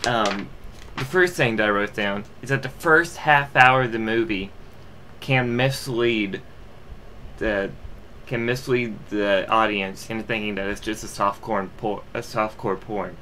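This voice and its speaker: A young man talks through a movie review off the cuff. His voice is bright and forceful. He wanders, restarts and fills gaps with ums, with faint noise behind him. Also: on the low side, unhurried. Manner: rambling, full of fillers and restarts.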